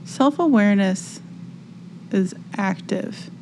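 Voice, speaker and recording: A woman's voice: medium pitch, slow pace, darkish tone, a little hiss or hum. A woman co-hosting a casual spiritual podcast chat, talking reflectively and searching for words with many fillers. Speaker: podcast co-host.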